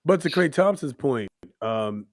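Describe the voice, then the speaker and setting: A man's voice: mid-range voice, animated, unhurried, dry recording. A young adult man hosting a casual podcast, talking loosely and joking, with mock-scolding asides. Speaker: podcast host. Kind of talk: casual chat.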